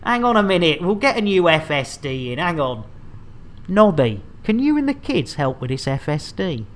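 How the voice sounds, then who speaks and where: A man's voice: fairly high pitch, big pitch swings, normal speed. Jokey rambling man streaming. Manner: jokey, rambling, laughs a lot. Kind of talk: casual game stream banter.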